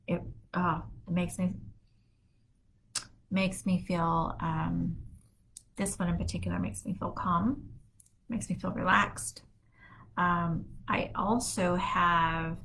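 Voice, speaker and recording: A woman's voice: on the low side, a bit bright, rough recording. A middle-aged woman hosting a wellness show from her home office, talking casually and rambling with many fillers. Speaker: wellness podcast host. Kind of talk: casual solo talk.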